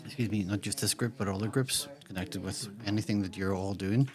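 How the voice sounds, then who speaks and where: Fast-talking man hosting. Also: on the low side, steady tone. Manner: rambling, lots of restarts and fillers. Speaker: podcast host and digital hub coordinator. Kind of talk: casual interview. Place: community centre room. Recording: background chatter of a group.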